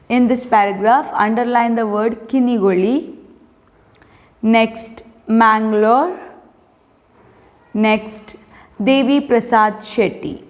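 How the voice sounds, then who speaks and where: Female teacher, Indian English accent, slow, word-by-word instructions to a young class, lingering reverb. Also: fairly high pitch. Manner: slow, deliberate, gives underlining instructions word by word. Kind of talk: reading a textbook lesson to young pupils.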